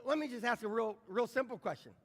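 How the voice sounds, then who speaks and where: A man's voice: very high voice, fast. A middle-aged man preaching a conversational sermon, often repeating words and putting questions to the congregation. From American Midwest. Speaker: pastor. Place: large church sanctuary. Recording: church livestream with long hall reverb.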